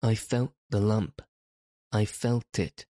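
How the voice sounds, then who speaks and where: A man's voice: fairly low pitch, steady tone, slow, darkish tone, dry recording, clean studio sound. A man reading aloud, voicing a sickly, hysterical young boy who gasps and stammers between sobs. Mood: sobbing. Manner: gasping, choked, stammering.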